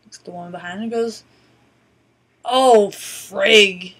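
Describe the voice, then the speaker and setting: A woman's voice: on the low side, steady tone, racing, darkish tone, husky. A woman vlogger telling stories casually to her laptop webcam, rambling with many "um"s and a wry, profane streak. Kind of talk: casual storytelling to camera. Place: indoors at a borrowed laptop.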